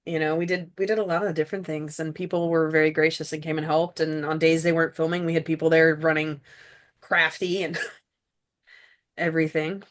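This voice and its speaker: A woman's voice: deep voice, level tone, moderate pace. A woman who made the series, chatting casually and gratefully in a commentary, with a loose, rambling way of talking. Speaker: show creator and producer.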